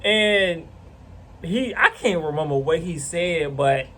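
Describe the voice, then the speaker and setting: A man's voice: fairly high pitch, slow pace. A man casually telling a rambling, profane story to camera. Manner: rambling, profane, animated retelling.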